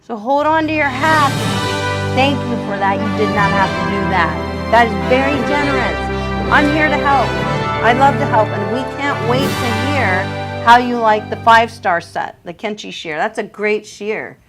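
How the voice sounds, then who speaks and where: A middle-aged woman, a professional dog groomer, chatting on a live stream and reading viewer comments in an excitable, gushing way with frequent laughter. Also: on the high side, normal speed, over loud music.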